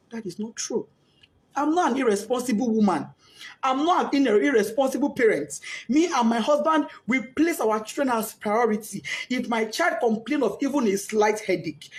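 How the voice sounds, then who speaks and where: A grieving Nigerian mother with Yoruba as her first language, giving an impassioned, tearful statement and often shouting as she pleads. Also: on the high side, animated, moderate pace. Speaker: bereaved mother. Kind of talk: emotional personal statement.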